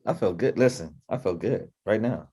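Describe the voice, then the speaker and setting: A man hosting a casual livestream podcast. He talks in quick, excited bursts and often repeats himself. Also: fairly low pitch, slightly rough. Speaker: podcast host.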